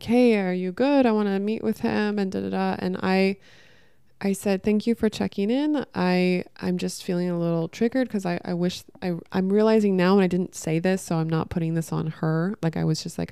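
A young woman with a low, gravelly voice tells a personal story at home, rambling and emotional, stumbling over restarts and acting out what everyone said. Her tone is mellow and smooth, and the sound is close and dry. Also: no room sound. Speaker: vlogger. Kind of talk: candid storytelling to camera.

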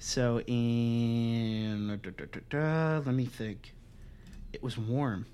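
A young man in his twenties co-hosting a podcast, telling a long profane story in a casual, animated way and laughing as he goes. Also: mid-range voice, slow, clear, resonant tone. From Pennsylvania. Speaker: podcast co-host.

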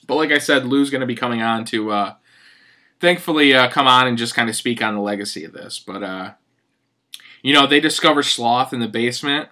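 A man's voice: mid-range voice, brisk, bright, forceful tone, no room sound, studio quality. A man casually recapping a film as host, rambling with many fillers, laughing and swearing as he goes.

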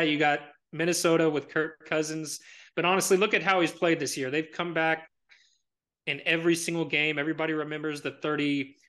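Male sports pundit, bright forceful voice, rambling but sure of his picks. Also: a little high. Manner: rambling with many fillers and restarts; confident bold predictions. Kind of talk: casual sports talk.

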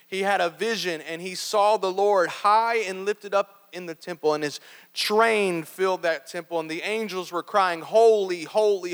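High-voiced preacher in a reverberant church. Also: male voice, fairly bright tone. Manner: earnest, with frequent restarts and affirming amens. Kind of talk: sermon. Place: church sanctuary.

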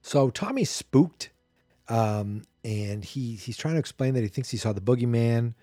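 Mellow-voiced podcast host rambling through a recap. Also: male voice, mid-range voice, animated, unhurried, no room sound, clean studio sound, soft background music. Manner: rambling, chatty, self-correcting. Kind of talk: casual movie recap commentary.

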